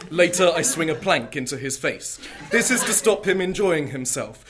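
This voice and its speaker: A man, a comedian and poet doing stand-up and reading his poems with a dry deadpan delivery. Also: mid-range voice, slight background noise.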